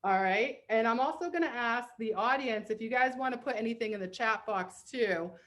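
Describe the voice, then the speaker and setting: A bubbly woman with a Boston accent hosts a comedy therapy show from a video call, bright in pitch and quick to laugh. She leads a playful word game and reads aloud with gusto. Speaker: host.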